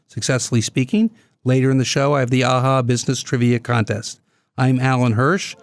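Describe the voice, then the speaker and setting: A man's voice: medium pitch, no echo. A man hosting a business talk radio show from a studio, easygoing and conversational with frequent filler sounds. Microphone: studio microphone.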